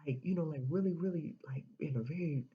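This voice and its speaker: A woman's voice: low voice, quick pace, breathy edge, muffled recording. A woman giving an emphatic spiritual motivational monologue, repeating herself and often dropping into a whisper. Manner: emphatic, repetitive, drops into whispers. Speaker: spiritual speaker.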